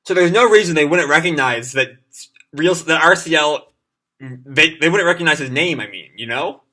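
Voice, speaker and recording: A man's voice: a little high, lively intonation, normal speed, sharp tone. A man casually reading a comic aloud live and reacting to it in a chatty way, with lots of fillers. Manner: chatty, many fillers, reads the lines aloud.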